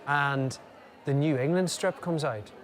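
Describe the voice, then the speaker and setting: A man chats casually, spinning lively anecdotes. His voice sits slightly high and he breaks into impressions as the story needs. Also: measured pace, a little hiss or hum. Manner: animated anecdotes with impressions and laughter. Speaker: guest.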